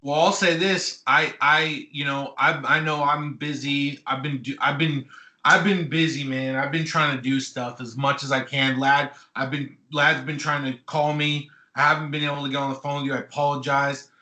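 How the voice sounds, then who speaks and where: A man's voice: a little high, steady tone, normal speed, pushed and bright. A man in casual late-night podcast chat, eager and rambling as he tells stories. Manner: enthusiastic, rambling storyteller. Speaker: podcast co-host. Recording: echoey room.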